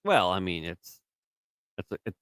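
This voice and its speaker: A man's voice: low-pitched, big pitch swings, moderate pace, a bit bright, smooth, no room sound, studio quality. A man co-hosting a casual live-stream show, reading chat messages aloud and teasing his co-host. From Canada. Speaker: podcast co-host.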